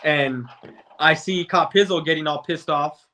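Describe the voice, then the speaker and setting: Male fan guest, casual sports debate, somewhat high, sharp tone, rambling delivery with frequent restarts. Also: measured pace, slight background noise. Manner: rambling, stumbles and restarts often.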